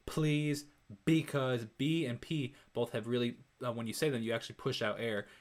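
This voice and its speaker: A man's voice: mid-range voice, fairly quick. A young man hosting a music reaction, explaining recording techniques in a casual, rambling way, often correcting himself and demonstrating sounds aloud.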